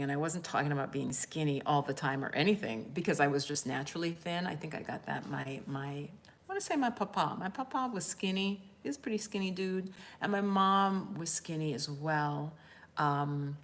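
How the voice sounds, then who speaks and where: Chatty woman coach, low voice. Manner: rambling, chatty and candid, addresses viewers directly. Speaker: spiritual life coach. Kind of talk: casual live-stream chat reading viewer comments.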